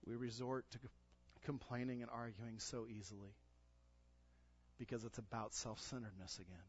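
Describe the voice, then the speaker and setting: A man pastor preaching a sermon to his church in an earnest voice that rises to loud exhortation. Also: mid-range voice, level tone, moderate pace, husky. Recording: dull lo-fi sound.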